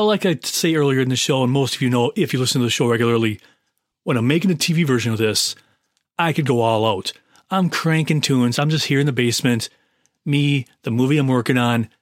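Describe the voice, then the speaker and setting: An effusive man talks straight into the mic, hosting his solo podcast. His middle-pitched voice sounds close and dry, with no room around it. He rambles warmly and restarts his sentences as he goes. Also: no echo. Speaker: podcast host. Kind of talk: casual solo podcast monologue. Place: home basement.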